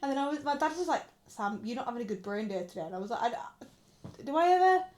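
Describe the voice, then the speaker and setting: This young woman talks casually in a slightly higher voice. She tells stories and acts out the quotes, swearing often as she goes. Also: lively intonation, quick pace. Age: 20s. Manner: storytelling with acted-out quotes, frequent swearing. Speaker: podcast co-host. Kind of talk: casual chat.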